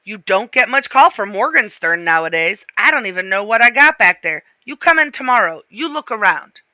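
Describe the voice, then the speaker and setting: A woman's voice: medium pitch, sing-song, normal speed, no echo. A woman voicing a stubborn old male bookseller with a heavy accent who grumbles and haggles. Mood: grumbling. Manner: heavily accented, grumbling, shouting at times.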